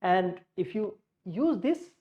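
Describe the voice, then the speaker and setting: Slow-paced woman teacher. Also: mid-range voice, expressive, lo-fi sound. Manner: slow, deliberate, repeats key words with demonstrations. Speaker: English pronunciation teacher. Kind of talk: spoken English lesson.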